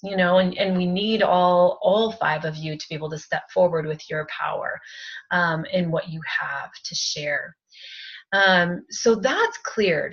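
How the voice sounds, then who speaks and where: Pitched on the low side, a woman spiritual advisor softly leads an energy-healing session for a group on a video call. Her speech is emotional and halting, peppered with fillers, and the audio comes across dull.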